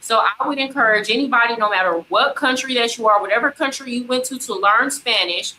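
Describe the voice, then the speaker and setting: Bright-voiced woman giving emphatic advice. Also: fairly high pitch, fairly quick, a little hiss or hum, low-quality recording. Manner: emphatic, advising. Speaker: podcast guest. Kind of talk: casual panel discussion.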